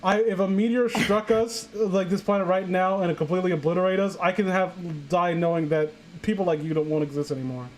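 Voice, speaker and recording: A man's voice: sits high, fairly even intonation, brisk, few pauses, a little hiss or hum, poor audio. A young man hosting a comedic reading of fan fiction, sarcastic and exasperated in his commentary. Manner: sarcastic, exasperated, breaks into laughter.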